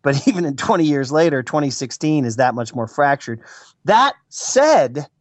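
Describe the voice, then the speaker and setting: An American man with a fairly high voice talks sports as a regular pundit, lively and playful. His delivery is casual and quick to turn theatrical. The sound is dry and close. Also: no echo. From United States. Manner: animated, mock-emotional storytelling. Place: California, Bay Area.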